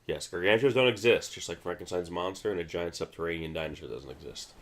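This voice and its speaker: A man's voice: sits low, fast talker. A man hosting a casual movie commentary, rambling with many restarts and fillers. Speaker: film commentary host.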